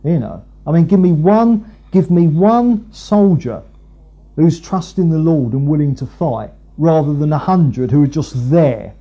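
Preacher guy, kinda high pitched, rambles w lots of fillers, husky. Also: lively intonation, measured pace, warm tone, dull audio. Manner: rambling, many fillers and restarts. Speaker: preacher, Bible teacher. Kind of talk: conversational sermon.

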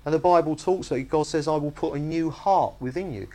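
A man's voice: on the high side, fairly quick. A man preaching a sermon, emphatic and conversational, often asking his listeners whether they see his point. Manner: animated, emphatic, asks the congregation "you see?".

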